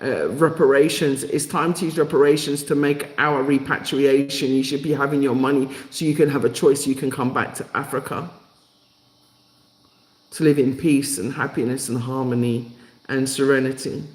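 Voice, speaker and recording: A man's voice: mid-range voice, fairly even intonation, moderate pace, reverberant, rough recording. A man hosting a live stream, speaking emotionally and repeating himself as he rallies his viewers from his home in Africa. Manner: emotional, repetitive, rallying.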